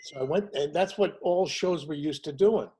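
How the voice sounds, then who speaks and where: A man in his sixties, a comedian guest telling his show business stories in a lively way and acting out the people he quotes. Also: on the high side, moderate pace, slightly rough, poor audio. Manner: animated storyteller acting out quotes in other voices. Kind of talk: casual storytelling chat.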